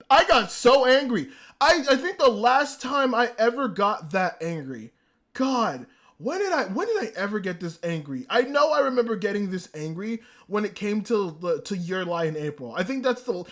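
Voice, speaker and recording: A man reviewing anime in a casual, excitable rant, swearing freely. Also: sits high. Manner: excitable, profane ranting. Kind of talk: casual commentary. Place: indoors, a room.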